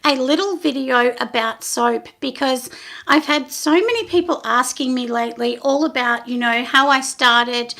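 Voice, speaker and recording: A middle-aged woman chatting on her own vlog, rambling and poking fun at herself with lots of ums. Her voice sits high and bright, with a gravelly fry at the ends of phrases. She sounds relaxed and talkative. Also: normal speed. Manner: rambling and self-deprecating, frequent ums, laughs at herself. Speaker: soap maker and channel host.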